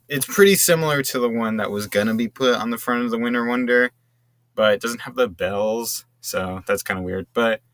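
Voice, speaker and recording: A man's voice: fairly low pitch, pushed and bright, no room sound. A young man casually commenting on game cars, enthusiastic and rambling, with restarts. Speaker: gaming video creator.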